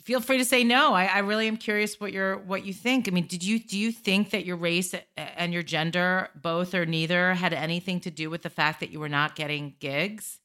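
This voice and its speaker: A woman hosting a podcast interview, who reacts quickly and asks questions in a casual way. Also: fairly low pitch, fairly even intonation, bright, forceful tone. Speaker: podcast host.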